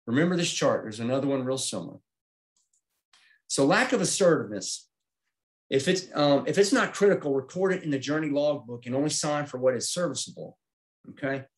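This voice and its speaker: A man's voice: mid-range voice, animated, fairly quick. A middle-aged man giving a safety presentation, walking through slides step by step in a plain-spoken way and checking in with "okay?". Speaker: aviation safety instructor.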